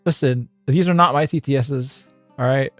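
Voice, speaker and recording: A male streamer who reads an AI-generated story aloud on stream, chuckling and rambling in quick bursts. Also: mid-range voice, fairly bright tone, soft background music.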